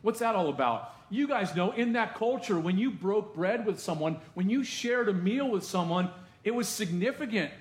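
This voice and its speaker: A man preaching a sermon as pastor in a church, conversational and animated, firing off rhetorical questions to the congregation. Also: sits high, moderate pace, roomy sound. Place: church sanctuary.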